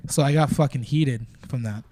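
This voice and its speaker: A man's voice: mid-range voice, moderate pace, a little mellow, dry recording. A young man talking casually on a podcast, telling a rambling, profane story full of fillers. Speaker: podcast guest. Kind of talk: casual chat.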